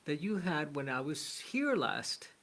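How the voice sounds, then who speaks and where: Storyteller guy doing a calm wandering saint, gentle, slowish and a bit high. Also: vocal fry, exaggerated voice.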